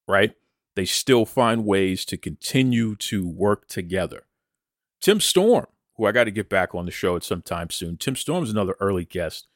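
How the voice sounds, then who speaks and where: A man's voice: deep voice, dry recording, clean studio sound. A man from Boston with a New England accent, hosting a wrestling podcast in an enthusiastic, chatty way. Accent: New England, rhotic. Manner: enthusiastic, chatty, addresses listeners as folks. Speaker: podcast host. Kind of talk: casual podcast monologue with ad read.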